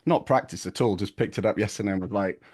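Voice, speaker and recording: A man's voice: fairly low pitch, fast, a little mellow, husky. A man, chatting casually on a podcast in a rambling, stop-start way. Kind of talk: casual chat.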